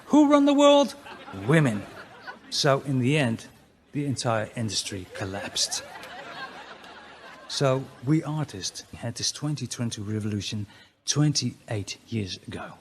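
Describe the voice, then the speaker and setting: A man with a Dutch accent doing a crude, mocking stand-up routine, often jumping into loud, high exclamations. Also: a little slow, long pauses, a faint crowd, a little hiss or hum. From Netherlands. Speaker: comedian.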